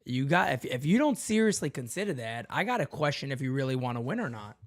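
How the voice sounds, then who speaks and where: A man's voice: mid-range voice, very animated, fast talker. A man hosting a sports fan call-in show, hammering his points home and repeating lines for emphasis.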